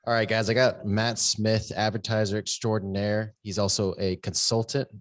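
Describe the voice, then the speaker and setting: A Texan man hosting a casual interview, his voice very low and relaxed. He talks loosely and warmly to his guest, calling him brother. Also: normal speed. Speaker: podcast host.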